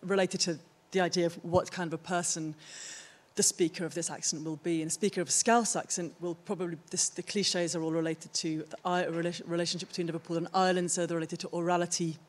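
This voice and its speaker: A woman's voice: lowish voice, flat delivery, quick pace. Thoughtful woman presenting her art. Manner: thoughtful, searching for words. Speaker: artist presenting her work. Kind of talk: conference talk. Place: theatre stage.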